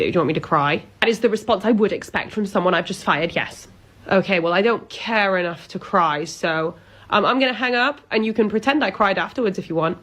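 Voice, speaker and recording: A woman acting out a workplace comedy sketch with sarcastic, deadpan retorts. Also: on the low side. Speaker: comedy sketch creator playing both worker and boss.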